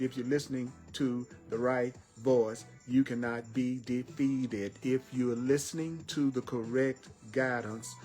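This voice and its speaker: A man teaching spiritual lessons in an emphatic style, repeating phrases and slowing down on key words. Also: medium pitch, darkish tone. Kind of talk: repetitive inspirational teaching.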